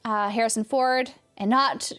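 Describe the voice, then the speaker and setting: A woman's voice: a little high, fairly even intonation, a little slow, fairly bright tone, soft background music. A young woman from California with a light Californian accent, chatting casually on a game stream and answering chat with a rambling, laughing manner.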